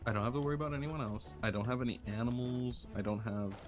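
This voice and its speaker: A young man streaming a game, talking in a soft, earnest, rambling way with many fillers and restarts. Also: medium pitch, quick pace, over music. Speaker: gaming streamer. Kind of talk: reflective casual chat while playing.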